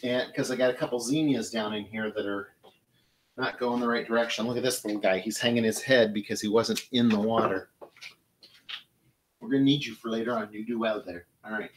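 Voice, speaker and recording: A man's voice: on the low side, fairly even intonation, fairly quick, slight background noise, low-quality recording. A middle-aged man from Michigan hosting a live flower-arranging show, chatting to viewers as he works. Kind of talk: casual live demonstration.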